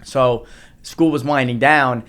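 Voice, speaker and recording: A man's voice: mid-range voice, fairly even intonation, slow pace, fairly bright tone. A man in his thirties from New Jersey, a podcast guest telling his own story in an earnest way, often repeating himself and restarting. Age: 30s. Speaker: guest, motivational speaker. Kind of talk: personal storytelling in a podcast interview.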